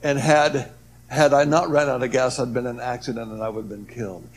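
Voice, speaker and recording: A man telling a personal testimony story, swinging between loud emphatic lines and hushed, low ones. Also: little pitch movement, fairly quick. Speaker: testimony speaker.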